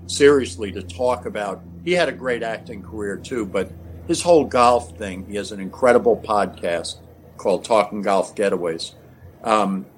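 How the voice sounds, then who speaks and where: A man of ordinary pitch chatting as a podcast guest. He tells lively stories and laughs often. Faint noise hums underneath. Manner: animated storyteller, laughs often. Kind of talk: casual chat.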